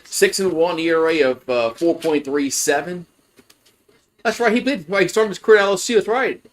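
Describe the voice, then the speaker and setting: A man with a high-sitting voice, talking at a moderate pace, provides rambling, casual play-by-play for a college baseball livestream. As a fan host, he peppers it with fillers and keeps starting over.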